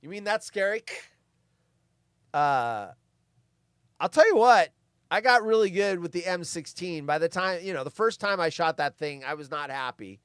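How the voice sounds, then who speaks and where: A man with a high-pitched voice reads trivia in a relaxed commentary, breaking off for offhand asides. The recording is dry and close, with no room sound. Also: normal speed, long pauses, clear, resonant tone, no echo. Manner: reads facts, then adds offhand asides. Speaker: host reading movie trivia. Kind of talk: casual commentary over a film.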